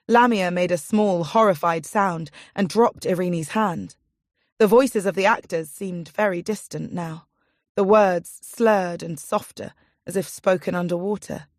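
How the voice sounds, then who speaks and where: In clean studio sound without echo, a woman reads scripted narration from a fantasy audiobook. Her voice sits on the low side and her storytelling is measured.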